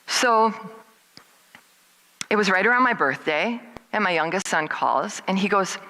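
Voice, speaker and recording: Bright-voiced middle-aged woman telling stories. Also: unhurried, long pauses, low-quality recording. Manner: lively, acts out what people said with big jumps in pitch. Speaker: guest speaker at a service. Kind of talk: personal storytelling.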